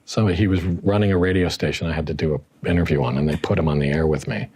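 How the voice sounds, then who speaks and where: A man's voice: a bass voice, fairly even intonation, quick pace, darkish tone, slightly rough. A middle-aged actor talking casually about his past roles, chatty and self-mocking, often laughing at himself. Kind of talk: casual interview recollection.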